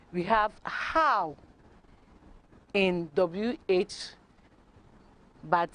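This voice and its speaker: A woman teaching a grammar lesson, speaking deliberately and repeating example questions. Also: mid-range voice. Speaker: English teacher. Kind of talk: classroom lesson.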